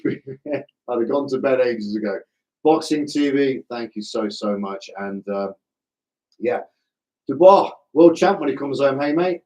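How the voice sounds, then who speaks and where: A middle-aged man with a slightly hoarse voice hosts a live stream, chatting through viewer comments in an easy, chummy way. He pokes fun at himself and talks to his audience like friends in his living room. His voice sits at an ordinary middle pitch. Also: darkish tone, rough recording. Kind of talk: casual live chat reading viewer comments.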